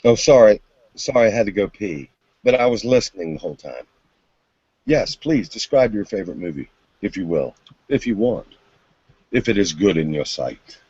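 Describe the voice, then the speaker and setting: A man's voice: lowish voice, animated, normal speed, long pauses, darkish tone, breathy edge, no room sound. A man in casual chat with friends, playful and jokingly polite, with a mock-pious turn of phrase. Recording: dull lo-fi dry recording.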